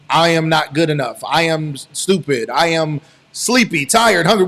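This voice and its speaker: A man hosting a live-stream interview, encouraging his guest with short agreements and reflections. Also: fairly high pitch. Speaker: live show host. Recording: long hall reverb.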